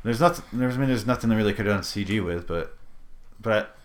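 A man's voice: on the low side, fast. A man hosting a casual movie podcast, rambling and joking, swearing freely. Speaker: podcast host.

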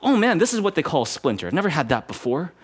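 A man's voice: a little high, very animated, quick pace, breathy edge. A man voicing Jesus as a grown man, comically bewildered and exclaiming about his new human body. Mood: comic dismay. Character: adult male Jesus, dismayed by a human body.

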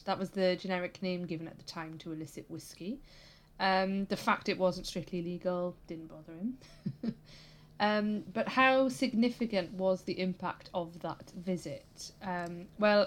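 A woman co-hosting a podcast, telling a history story in a lively, amused way. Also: fairly low pitch. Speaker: podcast co-host. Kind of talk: casual history chat.

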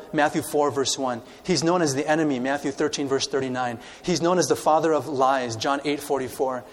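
A man delivers a sermon, reading scripture and asking his congregation questions. His voice sits a little high. The sound carries a long, ringing reverb from a large church space. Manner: animated preaching, reads scripture aloud, asks the congregation questions. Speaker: pastor.

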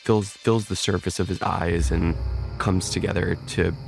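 A man playing a tabletop game, describing his wizard's spellcasting in a measured, drawn-out way. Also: low-pitched, fairly even intonation, creaky, soft background music. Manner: measured, drawn-out, in-character declarations. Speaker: player. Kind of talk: tabletop role-play narration.

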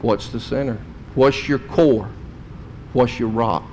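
A man preaching a sermon, in folksy storytelling that swings between loud and quiet. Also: takes it slowly. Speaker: pastor. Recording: long hall reverb, faint rumble.

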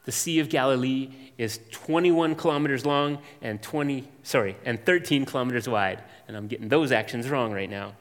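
A man preaches with a measured, emphatic delivery, stacking up lists and letting pauses hang. His voice sits at an ordinary middle pitch for a man. It rings out with a long reverb, as if in a large sanctuary. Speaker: pastor. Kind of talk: expository sermon.

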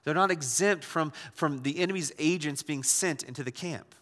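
A male pastor delivering a sermon in a bright, forceful voice that sits a little high for a man. He talks in a loose, conversational way, often restarting and repeating words. The sound carries a long reverb from a large hall. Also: normal speed.

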